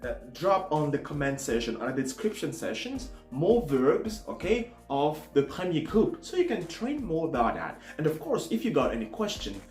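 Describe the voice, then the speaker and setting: A man's voice: a little high, normal speed, hardly any pauses. A man teaching verbs in a casual online lesson, often checking in with "all right?". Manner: lively, repeats "all right?" after phrases. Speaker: French teacher. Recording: echoey room, soft guitar music.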